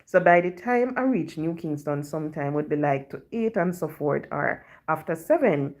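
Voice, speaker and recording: Jamaican woman, slightly low voice. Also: lively intonation, normal speed. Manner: chatty patois storytelling, leans on "you know". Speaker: live-stream host. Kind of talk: casual storytelling to viewers.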